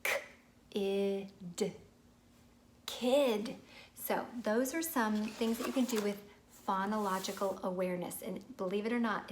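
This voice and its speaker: A young woman teacher talks parents through early reading with clear, patient explanations. Her pitch sits in a middle register, and she slows down to sound out words the way she would for a child. A faint hiss of background noise sits under her voice. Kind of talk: instructional video for parents.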